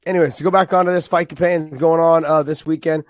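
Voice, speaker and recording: Profane, excitable man in casual chat. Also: fairly high pitch, fast, no echo. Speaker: podcast co-host.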